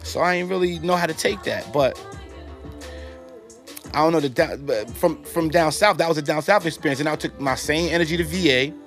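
Animated New man telling stories. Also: on the high side, a little fast, faint music behind. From New York. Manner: animated, profane, acts out quoted dialogue. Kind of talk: casual storytelling.

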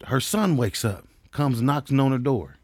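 A man spinning crude, rambling stories on a casual podcast and often laughing as he goes. His voice sits at an ordinary pitch, and the close mic keeps it dry, with no room sound. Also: animated, normal speed, darkish tone, no room sound. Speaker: comedian.

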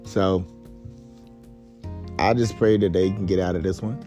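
A man with a deep, low voice hosts a solo podcast in a casual, meandering chat. He swears freely, stumbles over words and laughs often as he goes. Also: fairly even intonation, unhurried, dark tone, soft background music. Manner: rambling, profane, laughs often. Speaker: podcast host.

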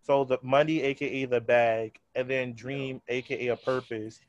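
A man's voice: mid-range voice, steady tone, moderate pace, no echo, dull audio. A man hosting a podcast, chatting casually and driving his points home by repeating himself. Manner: emphatic, hammers points with repetition. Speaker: podcast host.

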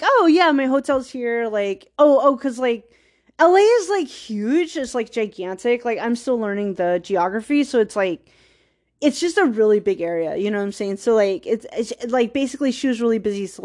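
A woman's voice: a little high, lively intonation, fairly quick, darkish tone. A woman hosting a podcast, telling a personal story in a rambling, casual way, full of "like," with wistful, self-deprecating laughs. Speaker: podcast host.

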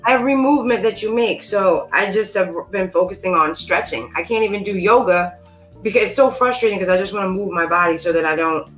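A woman's voice: medium pitch, fairly quick, a bit bright, soft background music, poor audio. A woman who is a guest on a podcast, chatting casually, rambling and often cutting herself off mid-sentence. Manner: rambling, self-interrupting. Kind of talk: casual chat.

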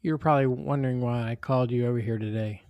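A man's voice: medium pitch, fast talker, darkish tone, smooth, dry recording, studio quality, close to an everyday voice. A man doing an earnest, teacherly mother.

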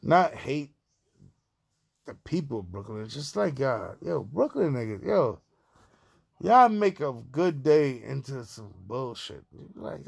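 A man's voice: medium pitch, sing-song, a little slow, vocal fry, breathy edge. A man from Far Rockaway, Queens, with a New York accent, talking through a profane, rambling opinion monologue as a podcast host.

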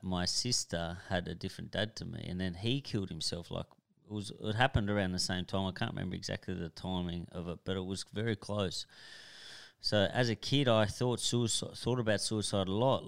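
Deep gravelly man, blunt and halting. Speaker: guest. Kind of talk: candid personal storytelling.

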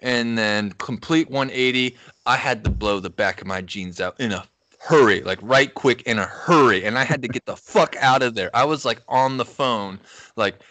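A man's voice: medium pitch, normal speed, fairly bright tone, no echo. A young man casually telling a crude, rambling story on a podcast, laughing as he goes. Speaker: podcast co-host.

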